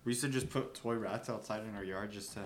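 A man's voice: lowish voice, noisy background. A young man in casual, profane chat, joking while doing a puzzle with a dog nearby. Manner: profane, joking, quick swearing banter. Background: dog in the room.

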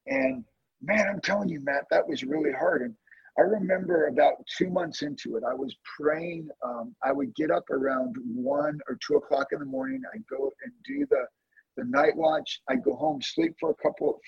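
Gravelly, husky man telling a testimony. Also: no echo, lo-fi sound. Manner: earnest, emotional testimony with animated swings in pitch. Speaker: guest, prayer ministry leader. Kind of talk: storytelling in a conversation.

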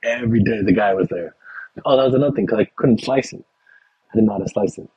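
A young man from Texas, a chef, telling a lively kitchen story in casual chat with many fillers and acted-out quotes. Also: on the low side, fast, husky, no echo, poor audio. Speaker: chef guest.

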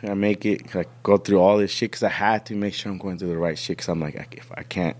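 Deep-voiced man telling a rambling story. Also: steady tone, quick pace, darkish tone, dry recording. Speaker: podcast host. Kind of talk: casual storytelling.

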